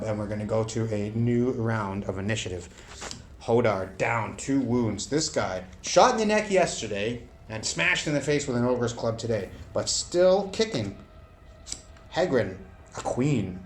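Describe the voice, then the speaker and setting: Solo tabletop narrator, man, gravelly voice, calls dice rolls aloud, faint hiss behind. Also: medium pitch. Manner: rolls dice aloud, bursts into shouted play-by-play. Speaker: solo game player and narrator.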